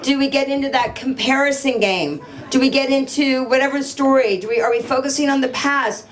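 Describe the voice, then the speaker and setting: A woman in middle age speaks to a live audience from a stage, her voice pitched on the high side. She tells personal stories with energy, playing out both sides of conversations and drawing the crowd in with questions. A faint hum of room noise sits behind her. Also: fairly quick. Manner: animated storytelling, acting out dialogue, asking the crowd questions. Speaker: motivational speaker. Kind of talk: live motivational talk to an audience.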